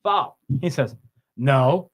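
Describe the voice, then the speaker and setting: Speaking slowly in an animated mid-range voice, this man hosts a podcast and tells stories in casual chat. He laughs a lot, imitates the people he quotes, swears casually and repeats words.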